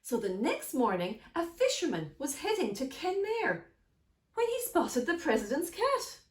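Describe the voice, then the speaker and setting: A woman's voice: high voice, unhurried, reverberant. A woman reading a picture book aloud to children, often speaking to them directly. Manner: animated, addresses children directly.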